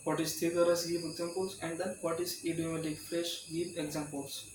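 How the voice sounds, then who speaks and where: A man's voice: on the high side, level tone, moderate pace. A male tutor giving an exam-prep lecture, reading questions aloud and reassuring students in a repetitive way. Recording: roomy, distant mic with loud insect noise.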